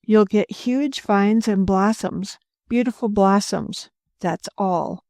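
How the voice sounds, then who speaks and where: A woman's voice: mid-range voice, slow pace, darkish tone, dry recording, studio quality. A woman voicing a plump, kindly older farm wife who talks in a homely, matter-of-fact way.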